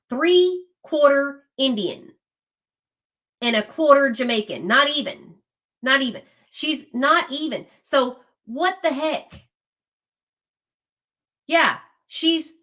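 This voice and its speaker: Emphatic woman, fairly high voice. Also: a bit bright. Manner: emphatic, repeats herself, exasperated asides to viewers. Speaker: livestream host. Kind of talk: casual political commentary, reacting to chat.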